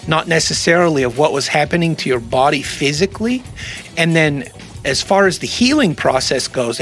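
A man's voice: a little high, fairly bright tone. A man co-hosting a podcast, explaining things in casual chat and laughing often. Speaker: podcast co-host.

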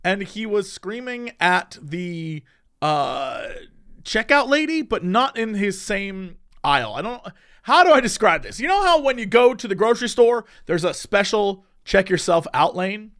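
A man in casual chat, telling an anecdote in an animated way with quick asides and chuckles. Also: sits high.

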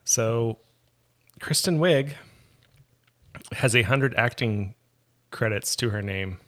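A man's voice: medium pitch, slow pace, a bit bright. A man talking as a podcast guest in casual chat, rambling and hesitant, often trailing off.

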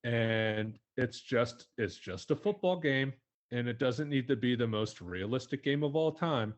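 A man's voice: mid-range voice, expressive, slow pace. A young man co-hosting a podcast, delivering a heated, profane comedic rant with a mocking edge. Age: young adult. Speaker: podcast co-host.

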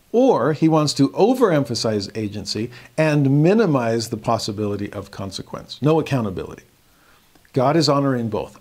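A man teaching a scripture lesson in an earnest, explanatory way, raising his voice when he acts out quoted students. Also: mid-range voice. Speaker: religion teacher.

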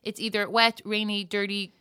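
A woman's voice: medium pitch, level tone, moderate pace, pushed and bright, smooth. A woman co-hosting a podcast in casual chat, explaining her opinions. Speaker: podcast co-host.

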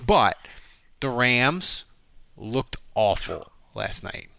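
A man hosting a sports podcast, giving quick, opinionated analysis in a casual chat. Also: medium pitch, sing-song, gravelly, bright, forceful tone, no room sound, clean studio sound. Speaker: podcast host.

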